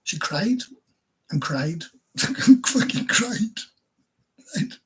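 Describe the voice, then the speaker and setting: This Welsh live stream host has a very husky, high-pitched voice and tells crude stories to his viewers, speaking extremely slowly and expressively. He swears constantly, laughs in the middle of stories, and stumbles before starting over. The audio quality is poor.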